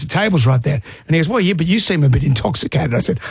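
A man's voice: fairly high pitch, lively intonation, fast talker, vocal fry, few pauses, slightly rough, no room sound, clean studio sound. A middle-aged Australian man co-hosting a radio show, telling a rambling story and chuckling often in casual banter. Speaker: radio co-host. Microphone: studio microphone.

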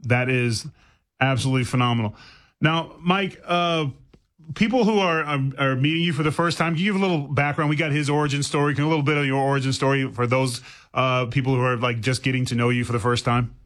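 A man's voice: medium pitch, fairly even intonation, fast, fairly bright tone. A man hosting a radio interview, chatty and joking, stumbling a little as he works into his questions. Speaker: radio host.

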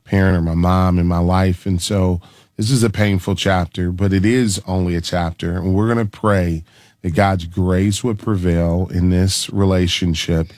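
A man hosting a Christian call-in radio show, speaking gently and encouragingly to callers and guests. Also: low-pitched, fairly even intonation, moderate pace, dry recording, clean studio sound.

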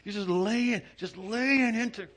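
A middle-aged male pastor from Southern California, preaching a sermon in an animated storytelling manner, laughing as he tells it. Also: high voice, measured pace, a little hiss or hum. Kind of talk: sermon with personal anecdote.

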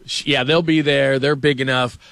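A middle-aged man hosting a sports radio show, chatting loosely and telling stories with lots of fillers and quick laughs. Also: medium pitch, level tone, gravelly, fairly bright tone. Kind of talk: casual morning radio chat and storytelling. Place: radio studio. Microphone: studio microphone.

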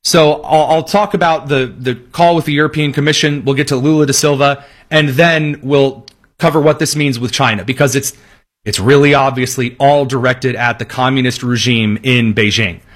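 A man's voice: mid-range voice, steady tone, normal speed. A man delivering a political commentary monologue, sarcastic, with long listing sentences.

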